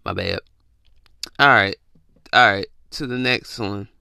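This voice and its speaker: A man's voice: on the low side, takes it slowly, creaky, pushed and bright, clear, resonant tone, no room sound. A man hosting a casual comedic podcast rant, talking close to the mic and acting out confused texters in jumpy voices. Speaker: podcast host.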